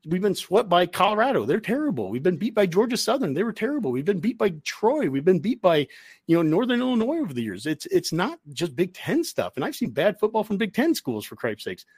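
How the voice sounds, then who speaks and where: A man's voice: high-pitched, sing-song, fairly quick, darkish tone, slightly rough, dry recording. A man on a sports podcast talks football casually, and his voice climbs sharply whenever he gets worked up. The sound is dry and close, with no room around it. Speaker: podcast co-host.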